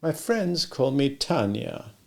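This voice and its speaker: A man voicing a shy, teasing young Russian woman who speaks softly and slowly in an audiobook. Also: mid-range voice, big pitch swings, gravelly, voice pushed up, heavily acted. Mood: coy.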